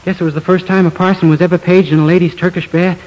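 A man's voice: sits high, little pitch movement, quick pace, darkish tone, lightly acted, rough recording. A man playing a naive, bumbling young man in a 1940s radio comedy, cheerful and scatterbrained. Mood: sheepish. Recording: hissy old radio broadcast.

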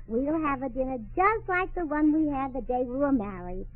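A woman with a high, chirpy voice and a scatterbrained way of talking. Her pitch swings widely. It sounds thin and tinny, with faint hiss. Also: lively intonation, normal speed, no room sound. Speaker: comedy radio star. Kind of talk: 1940s radio acting. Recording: tinny old radio broadcast.

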